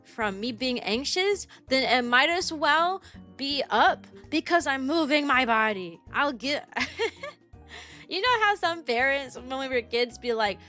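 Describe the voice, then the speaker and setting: A woman's voice: high voice, lively intonation, normal speed, sharp tone, soft background music. A young woman, a kindergarten teacher, chatting casually on a livestream and rambling with lots of fillers. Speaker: kindergarten teacher and VTuber streamer.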